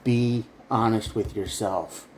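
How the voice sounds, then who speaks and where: A man's voice: on the low side, slow pace, a little mellow, slight background noise. A man giving a tarot reading straight to the viewer, earnest and emphatic. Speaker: tarot reader. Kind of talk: direct-to-camera tarot reading.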